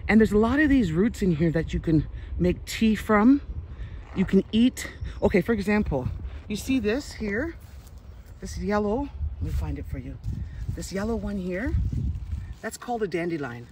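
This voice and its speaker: A middle-aged woman chatting casually in a walking vlog, rambling excitedly as she films on her phone outdoors in the countryside. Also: medium pitch, moderate pace, pauses often, rough recording. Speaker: vlogger. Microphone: phone camera held while walking. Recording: loud outdoor background noise. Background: loud outdoor noise.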